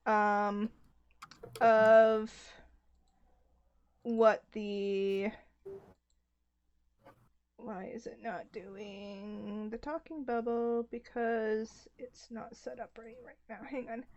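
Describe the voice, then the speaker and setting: A woman's voice: on the high side, fairly even intonation, drawn-out words, long pauses, darkish tone, dull audio. A woman running a tabletop game on stream, chatting in a giggly, easygoing way. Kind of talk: casual chat setting up a tabletop game.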